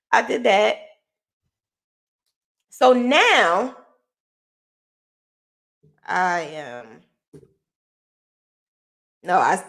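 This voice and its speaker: Candid woman host telling her story. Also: on the high side. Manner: candid, emotional, swears freely. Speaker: podcast host. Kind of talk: personal storytelling.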